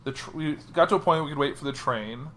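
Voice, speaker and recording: A young man with a bright, rather high voice, chatting as a podcast co-host. He retells events in an animated way and acts out what he said at the time. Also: fast. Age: young adult. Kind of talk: casual chat.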